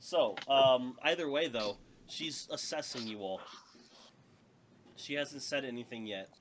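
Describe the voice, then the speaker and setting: Male DM, casual halting narration, steady mid voice, audible hiss in the recording. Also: mid-range voice. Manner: loose and halting, many ums. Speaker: dungeon master. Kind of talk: narrating a tabletop game. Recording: dull muffled audio with background hiss.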